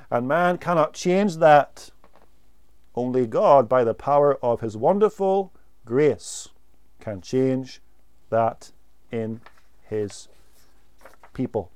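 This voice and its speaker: Male preacher, slightly high and smooth; unhurried sermon delivery that leans hard on single words. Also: animated, darkish tone. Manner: slow, deliberate preaching with emphatic pauses on single words.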